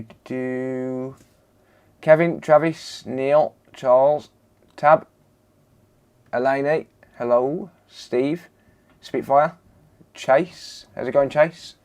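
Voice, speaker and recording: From his repair bench, a man chats slowly and easily on a casual live stream, reeling off viewers' names in greeting and answering the chat with laid-back banter. His voice is medium-pitched with a darkish tone.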